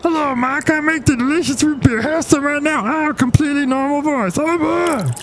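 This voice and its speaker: A man's voice: extremely high pitch, a little fast, a little hiss or hum, voice pushed up. A man voicing an overly cheery root beer maker who turns a little menacing, pushy and sing-song.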